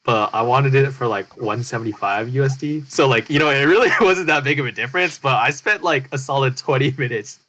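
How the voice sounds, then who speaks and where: A man tells a story on a casual podcast, relaxed and self-mocking. His voice sits at a medium pitch, neither high nor low. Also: a little fast, few pauses, rough recording. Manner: relaxed storytelling, laughs at himself. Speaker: podcast co-host. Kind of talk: casual chat.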